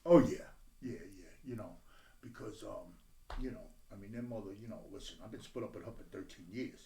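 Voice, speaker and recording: A middle-aged man telling his life story bluntly as a podcast guest, profane and swinging from low mutters to loud bursts. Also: a little fast, vocal fry, very noisy. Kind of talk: candid personal storytelling. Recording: roomy echo.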